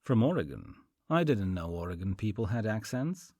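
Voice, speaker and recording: A young small-town driver , read by a man, asks blunt, puzzled questions. His voice is deep and husky, and the recording is close and dry. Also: sing-song, moderate pace, darkish tone, no echo.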